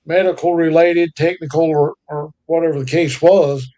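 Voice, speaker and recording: Co-host, male, high register, easygoing storyteller with homespun phrasing. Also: fairly even intonation, moderate pace, mellow. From North Carolina. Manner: folksy, drawling storyteller with country sayings. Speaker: podcast co-host. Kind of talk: casual chat.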